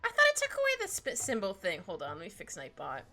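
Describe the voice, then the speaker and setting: Bright giggly young woman chatting while she draws, faint music behind. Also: mid-range voice, huge pitch swings, fast. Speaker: art streamer. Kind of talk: casual chat while drawing on stream. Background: faint background music.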